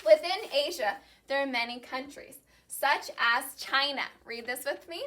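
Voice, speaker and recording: A woman teacher leading a call-and-repeat classroom lesson, saying each vocabulary word slowly and clearly and then repeating it. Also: high voice, pushed and bright. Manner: slow, clearly enunciated drilling of vocabulary.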